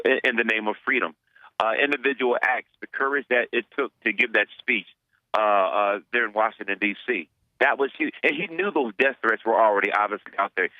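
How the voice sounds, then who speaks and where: A man's voice: lowish voice, no room sound, muffled recording. A man, a pastor, answering interview questions earnestly, often repeating words as he searches for them.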